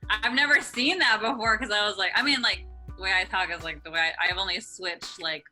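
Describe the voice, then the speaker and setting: A young woman co-hosts a podcast, chatting casually and rambling, with heavy use of "like." Her mid-range voice has a sharp tone and moves a little fast, with soft music in the background.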